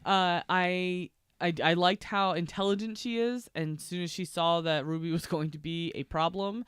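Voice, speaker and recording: A woman co-hosting a casual chat, sleepy and yawning, chatty and quick to laugh with lots of restarts. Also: fairly low pitch, fairly even intonation, clean tone, no room sound, clean studio sound. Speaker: co-host. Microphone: streaming mic at a table.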